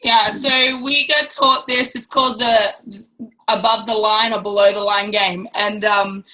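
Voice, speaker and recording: A woman's voice: medium pitch, level tone, a little slow, bright, forceful tone, rough recording. A woman giving a casual, blunt and chatty training talk to a business team. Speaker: network marketing trainer.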